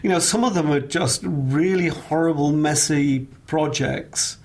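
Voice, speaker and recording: A middle-aged man with an English accent talks bluntly and frankly in a casual interview, his voice sitting a touch high. He grew up in the north of England and often breaks into laughter as he talks. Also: unhurried, a little mellow. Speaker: guest, voice casting director.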